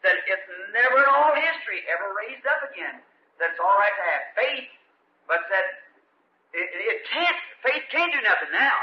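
Male preacher, high voice, folksy storytelling sermon, rising and falling, roomy lo-fi tape with hiss. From United States. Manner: folksy storytelling preaching, swinging from loud to low.

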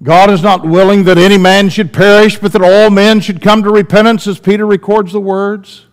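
A man preaching a sermon in church, swinging between loud emphatic lines and hushed, drawn-out ones. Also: high voice.

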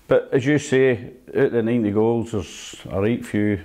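Scottish older man, mellow voice. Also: mid-range voice, moderate pace. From Scotland. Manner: chatty storyteller, acts out old exchanges, laughs at himself. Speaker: former footballer, interview guest. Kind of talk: casual reminiscing interview.

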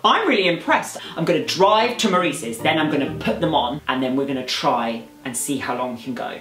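A man's voice: a little high, animated, brisk, fairly bright tone, faint music behind. A young man vlogging in a camp, sarcastic, jokey way. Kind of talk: casual comedic vlog.

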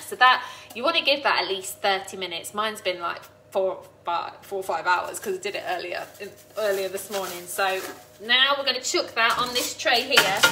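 A woman hosting a chatty live cooking stream from her home kitchen, bubbly and excitable. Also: medium pitch, slight background noise. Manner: bubbly, excitable, quick to laugh and tear up. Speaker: cooking livestream host.

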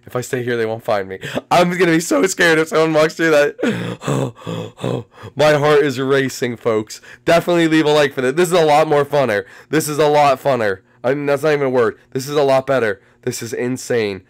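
A young man commentating a game. He repeats his phrases again and again, and swings from hushed muttering to panicked shrieks. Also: medium pitch, normal speed, creaky, hardly any pauses. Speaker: gameplay commentator.

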